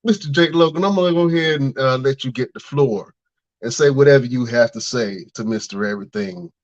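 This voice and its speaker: A man hosting a wrestling podcast, excitable and hyping up his guests. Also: mid-range voice, fairly quick. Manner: excitable, hypes up the exchange. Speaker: podcast host. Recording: dull lo-fi audio.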